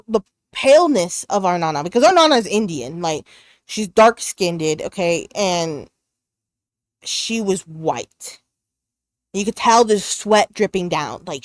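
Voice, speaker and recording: A female podcast co-host tells a personal ghost story in casual conversation, animated and excitable, with plenty of fillers and restarts. Her voice is mid-range, and the recording has no echo.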